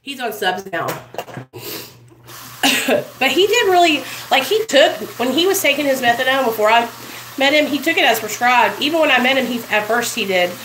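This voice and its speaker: A woman's voice: high voice, expressive, moderate pace, a bit bright, a little hiss or hum. Chatty woman vlogging in an echoey room. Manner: rambling, chatty, addresses viewers as "you guys". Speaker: vlogger in addiction recovery. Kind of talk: casual storytelling to camera. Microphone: built-in camera mic.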